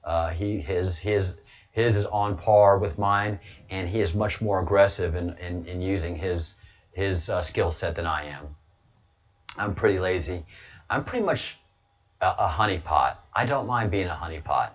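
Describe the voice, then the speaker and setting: A man's voice: low-pitched, unhurried. A man chatting casually as a guest, rambling and joking with many restarts, and sometimes boastful and provocative. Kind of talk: casual chat. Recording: dull lo-fi audio.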